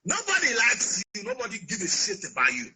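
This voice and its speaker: A man's voice: sits high, huge pitch swings, a little fast, bright, forceful tone, breathy edge, rough recording. A man, ranting in a political vlog in a scolding, sarcastic, repetitive way. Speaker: political commentator.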